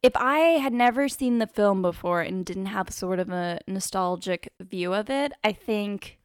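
A woman chatting casually about a movie as a podcast co-host, playful and quick to laugh. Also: mid-range voice, clean tone, no echo, clean studio sound.

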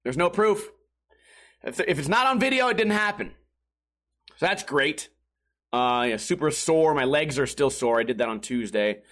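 A man's voice: fairly high pitch, expressive, moderate pace, pauses often, fairly bright tone. A young man hosting a casual solo podcast, rambling and swearing, laughing at his own bad luck. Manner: rambling, profane, self-mocking, laughs often. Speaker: podcast host.

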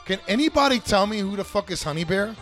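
A man with a slightly high voice hosts a fantasy football league recap. He rants casually and sarcastically, swearing freely. Faint music plays behind him. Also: animated, fast talker, fairly bright tone. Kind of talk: casual profane sports commentary.

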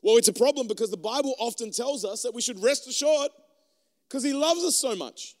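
A man delivers a sermon in a conversational, joking manner, acting out little exchanges as he goes. His voice sits high for a man. It rings with the long reverb of a large hall. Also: expressive, a little fast. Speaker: preacher. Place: room with an audience.

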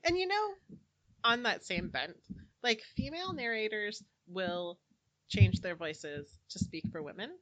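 A woman's voice: mid-range voice, lively intonation, a little slow, fairly bright tone, no echo. A woman in a casual book club chat, rambling with fillers and laughing often. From Southern California.

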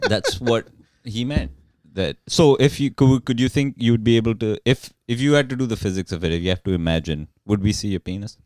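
A man's voice: on the low side, a little fast, darkish tone, no room sound, clean studio sound. A man hosting a casual podcast chat, joking crudely and laughing often.

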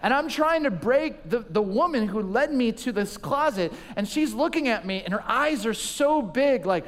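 A man in his forties preaching a sermon in an animated, humorous storytelling way. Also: very high voice, moderate pace, hardly any pauses, long reverb tail. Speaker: pastor.

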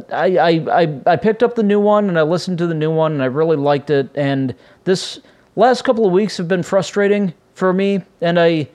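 Male podcast host, slightly high voice, casual solo talk, rambling, lots of ums and restarts. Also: darkish tone. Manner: rambling, self-correcting, frequent filler sounds.

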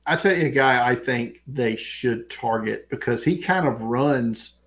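A man with a Southern US accent, co-hosting a sports podcast in relaxed, casual chat full of fillers. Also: mid-range voice, a little slow. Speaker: podcast co-host.

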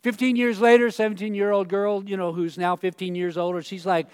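Male pastor, high voice, casual sermon, bursts of loud acted-out quotes. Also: little pitch movement, brisk, hardly any pauses, clear, resonant tone. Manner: conversational, acts out quoted voices with sudden loud outbursts. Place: church stage.

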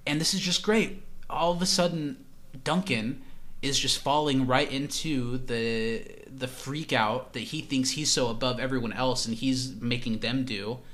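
A man's voice: mid-range voice, fairly even intonation, a little slow, a bit bright. A man co-hosting a podcast, casually recapping a TV episode scene by scene with dry teasing. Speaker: podcast co-host.

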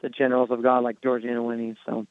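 A man sharing an earnest personal testimony on a faith podcast, telling his story with halting restarts. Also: medium pitch, completely flat delivery, no room sound. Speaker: guest. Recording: tinny phone-like line.

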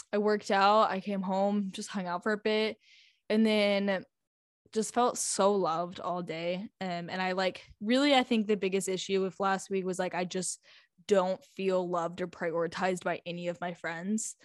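A woman's voice: mid-range voice, fairly even intonation, measured pace, no echo, studio quality. An eighteen-year-old woman telling a casual storytime vlog, chatty and full of fillers, laughing often as she talks. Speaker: high school student.

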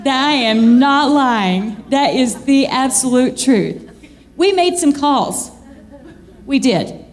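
A woman preaching a lively church sermon, chatty and animated, laughing often and jumping into high excited squeals. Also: slow. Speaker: church speaker.

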